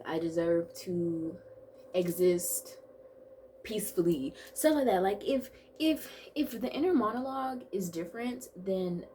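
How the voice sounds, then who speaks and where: A woman in her twenties vlogging in a chatty, bubbly way, full of quick asides and playful self-talk. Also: fairly low pitch, a little mellow, a little hiss or hum. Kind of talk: casual chat to camera.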